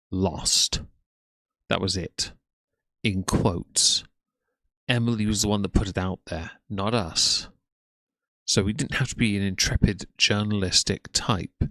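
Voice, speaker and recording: A man's voice: deep voice, fairly bright tone, dry recording. A man giving a sarcastic, scornful reaction commentary in a blunt way. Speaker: commentary YouTuber.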